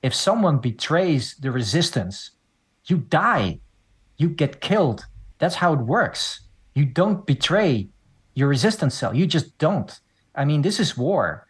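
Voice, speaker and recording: Husky-voiced man explaining a film. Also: a little high, measured pace. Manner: talks in long, steady explanatory runs. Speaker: podcast host. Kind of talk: casual podcast chat.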